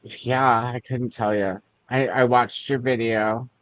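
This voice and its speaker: A man co-hosting a casual book club livestream, playful and quick to laugh. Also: medium pitch, fairly even intonation, no echo, lo-fi sound. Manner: playful, laughs often, slips into silly voices. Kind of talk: casual chat.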